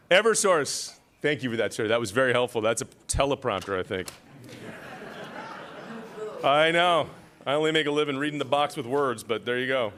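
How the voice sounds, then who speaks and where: A man's voice: mid-range voice, a bit bright. A man emceeing an awards ceremony, reading citations with self-deprecating joking asides.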